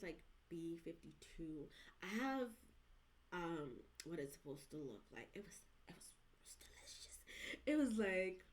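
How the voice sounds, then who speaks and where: A woman's voice: fairly low pitch, poor audio. A young woman vlogging, telling a casual, rambling story to camera with slangy asides.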